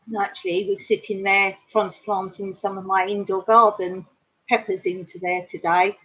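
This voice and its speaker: A woman hosting a casual live stream from home, telling jokes and chatting in an unhurried way, clearing her throat now and then. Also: medium pitch, little pitch movement, fairly bright tone. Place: home in the countryside. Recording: dull lo-fi live stream audio.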